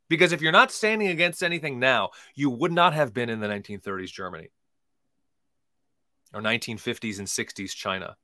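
A man hosting a podcast, giving emphatic, preachy commentary that swings between loud and quiet, and slowly reading scripture aloud. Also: medium pitch, no room sound. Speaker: podcast host.

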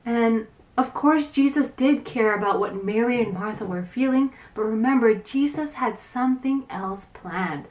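A woman teaching Sunday school to children, retelling a Bible story in an animated way and acting out the quotes, with some fillers. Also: a little high, a little slow, far from the mic, lo-fi sound.

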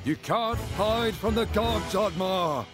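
A man's voice: high-pitched, takes it slowly, voice pushed up. A man voicing a furious older Viking village chief who roars scornful threats in a game cutscene. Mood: enraged. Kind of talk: storybook game cutscene narration. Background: music.

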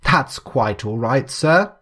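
A man voicing a cheery, fussy gentleman on holiday who talks in a chatty, formal, over-polite way in a read-aloud story. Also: mid-range voice, lively intonation, slow pace.

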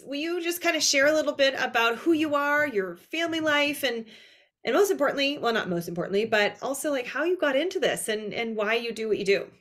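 A woman's voice: on the high side, fairly bright tone. A woman from Canada hosting an interview, chatty and upbeat with lots of fillers. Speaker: podcast host, fitness and nutrition coach. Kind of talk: casual interview chat.

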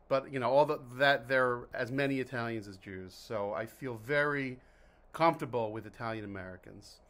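A man's voice: mid-range voice, pushed and bright. A man from New Jersey hosting a casual vlog, reviewing mineral water in a chatty, jokey, self-interrupting way. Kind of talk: casual rambling vlog talk.

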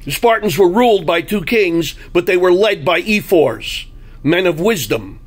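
A man's voice: sits high, lively intonation, measured pace. A man delivering a blunt, combative political monologue, full of anecdotes. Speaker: political commentary host.

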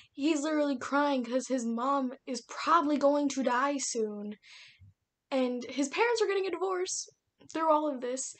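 A young woman giving a casual, exasperated book review rant, laughing often and mocking the characters in quotes. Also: high voice.

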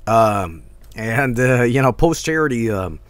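A man's voice: medium pitch, expressive, a little slow, dry recording. A tired man streaming a game, rambling casually and reading game text aloud. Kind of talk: casual gameplay commentary. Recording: game music underneath.

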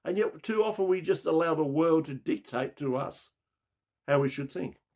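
A man preaching a sermon as pastor, asking rhetorical questions and dropping to a low voice for emphasis. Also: normal speed, a little mellow.

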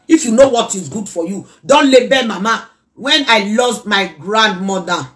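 A woman with a Nigerian accent delivers a heated, preachy reaction rant in Pidgin. Her voice sits high and bright. She mixes in another local language and breaks into song now and then.

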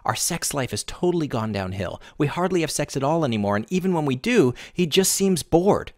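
Tearful, despairing wife, as a male narrator puts her on, voice lifted higher and shaky. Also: very animated, fairly quick, no room sound, studio quality. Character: sobbing, desperate married woman.

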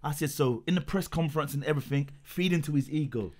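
A man, a boxing coach in casual chat, telling a story with lively acted quotes. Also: on the high side, quick pace.

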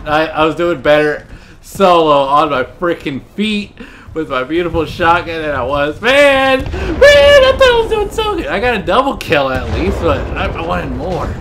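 Excitable high-voiced gamer guy. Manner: excitable, swears often, laughs and shouts at big kills. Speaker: gamer commentating his own gameplay. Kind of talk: let's play commentary.

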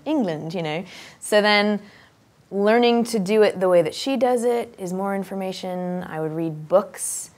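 A woman actress and accent coach talking openly and at length, animated and straightforward, thinking aloud with ums. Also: mid-range voice, normal speed. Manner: open, straightforward, talkative. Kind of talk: casual interview talk.

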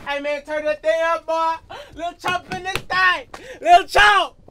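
A man's voice: fairly high pitch, animated, moderate pace, fairly bright tone, a little hiss or hum. A man playing a cocky, boastful young rapper who keeps chanting his own name, in a comedy mockumentary. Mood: hyped.

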